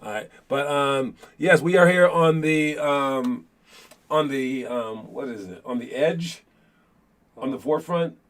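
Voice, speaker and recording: A man's voice: medium pitch, a little slow. A man coaching basketball, talking casually to viewers in a rambling way, with many fillers and repeated words. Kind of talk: casual livestream talk.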